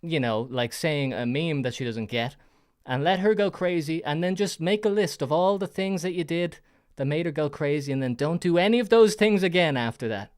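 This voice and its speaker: A man's voice: a little high, expressive, normal speed, clean tone, dry recording, clean studio sound. A man hosting a casual call-in chat show, giving teasing, mock-serious advice. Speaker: host.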